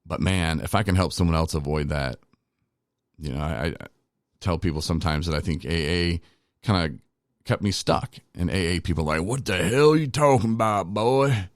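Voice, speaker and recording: A middle-aged man with a very deep voice talks through his past in a loose, candid podcast ramble. He is self-deprecating and wanders off track. The sound is dry and close, with no room around it. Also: brisk, dry recording. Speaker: recovery podcast host. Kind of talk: casual personal storytelling.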